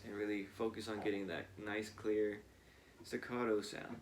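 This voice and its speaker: A man teaching a cello piece in a relaxed, casual way, pausing with fillers and counting rhythms aloud. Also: fairly low pitch. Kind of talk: casual instructional talk. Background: cello playing between explanations.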